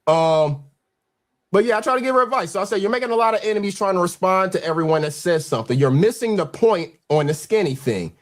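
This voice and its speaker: A man's voice: high-pitched, animated, fast. A man hosting a reaction show, explaining his side in a matter-of-fact, casual way. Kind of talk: casual commentary.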